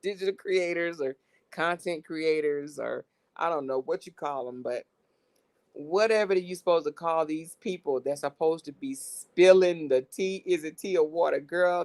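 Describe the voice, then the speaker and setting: A woman with a low, darkish voice offers casual commentary to her viewers as a commentary vlogger. She's slangy, calls her audience "y'all," and keeps breaking into fits of laughter.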